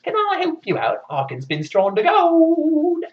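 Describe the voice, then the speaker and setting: Rumpelstiltskin, a shrill sing-song imp, as a man puts him on. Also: wildly swooping pitch, measured pace, exaggerated voice. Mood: wheedling. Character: sly little male imp, wheedling, shrill. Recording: dull lo-fi recording.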